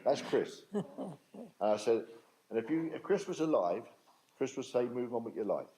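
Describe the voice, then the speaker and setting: Older man, dark warm tone, emphatic, plain-spoken, speaking to an audience. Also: mid-range voice, expressive, moderate pace, poor audio. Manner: blunt, plain-spoken, emphatic, dialect grammar. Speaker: speaker at a talk on restorative justice. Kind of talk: storytelling talk to an audience.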